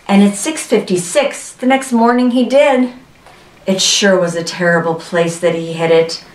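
A woman reading a storybook to children, gentle, with playful asides. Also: mid-range voice, fairly even intonation, moderate pace, distant mic, a little hiss or hum. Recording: roomy, voice from off-mic.

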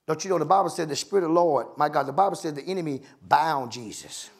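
A pastor preaching a sermon in a colloquial, impassioned way, rising into shouts and sung phrases and returning to a refrain of "my God.". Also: male voice, a little high, expressive, fast, vocal fry, slightly rough.

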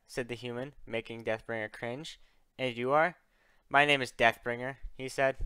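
A man's voice: mid-range voice, normal speed, sharp tone, clean tone, no room sound. A young man reading a dragon fan story aloud, narrating and raising his voice for each character's lines. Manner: reads all characters, voices raised for dialogue.

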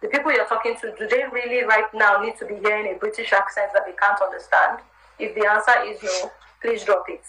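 A woman's voice: mid-range voice, fairly even intonation, fairly quick, pushed and bright. A woman with an American accent, the guest in a live chat interview, giving candid, chatty career advice. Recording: roomy live stream audio.

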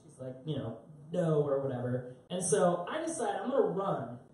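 A man's voice: a little high, sing-song, moderate pace, warm tone. A young man doing live stand-up, telling a rambling, self-mocking story with lots of fillers. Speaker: stand-up comedian. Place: concert club stage. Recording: roomy live club sound from a distance.

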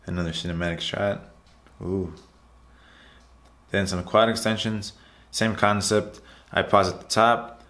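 Over footage of his own workout, a male fitness vlogger keeps up a loose, chatty, repetitive voiceover, frequently saying "guys" to his audience. His voice sits low and is a bit bright, with fairly even intonation and a measured pace.

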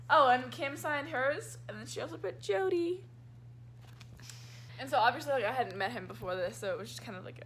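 A young woman from Texas tells convention stories in a casual vlog. Her voice sits high and sounds bright and lively. She is excitable and giggly, and she acts out each quote as she goes. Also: fairly quick. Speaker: vlogger. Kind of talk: casual storytelling chat.

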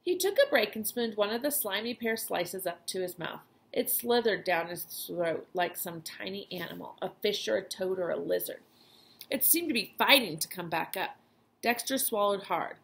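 Teacher lady reading a kids book out loud, lively, kinda creaky voice. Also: medium pitch, moderate pace. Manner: expressive storytelling voice. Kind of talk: reading a children's chapter book aloud.

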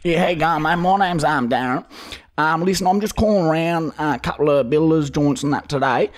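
A man's voice: on the high side, brisk, lightly acted. A man with an Australian accent playing a struggling young man calling around for labouring work, hesitant and full of ums. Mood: sheepish. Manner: hesitant, lots of ums, prank caller.

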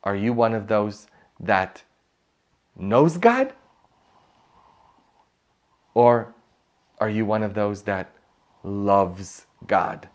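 A man's voice: lowish voice, lively intonation, very slow, long pauses. A man preaching a sermon as a priest, telling stories with emphasis and humor. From Poland.

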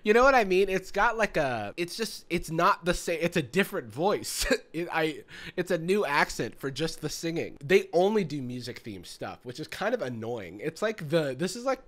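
A man's voice: a little high, big pitch swings, moderate pace, fairly bright tone. A man hosting a comedic reaction commentary, sarcastic and mocking, laughing often. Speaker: YouTube host reacting to videos.

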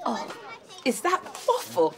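A woman playing a primary school teacher, speaking in a gentle, coaxing classroom tone in a children's series. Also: a little high, huge pitch swings, takes it slowly, over music, heavily acted. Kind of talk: children's live-action series.

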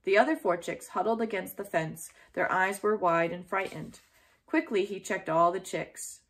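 Woman, storyteller, children's book read-aloud, gentle, steady, medium pitch. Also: normal speed.

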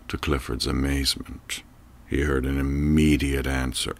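A man narrating an audiobook in a slow, measured, reflective way. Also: low-pitched, creaky, fairly bright tone, no room sound.

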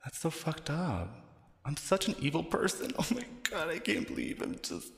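A scheming young woman on the witness stand mutters her crude, foul-mouthed thoughts while trying to fake tears, as a man puts her on. The voice swings widely up and down and has a gravelly edge. It sits in a roomy space with a long, echoing tail. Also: on the high side, sing-song, normal speed, fairly bright tone, full character voice. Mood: forcing tears. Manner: crude, self-mocking inner monologue full of swearing. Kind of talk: parody inner monologue. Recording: echoey room with long reverb.

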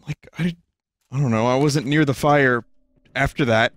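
A man streams a horror game with casual let's-play commentary, joking, self-mocking and rambling. He speaks at medium pitch and a moderate pace.

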